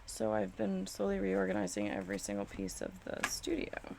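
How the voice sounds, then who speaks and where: A woman's voice: mid-range voice, very animated, moderate pace, creaky, darkish tone, slight background noise. A woman chatting casually on a live stream while crafting in her home studio, exasperated and self-mocking, swearing freely.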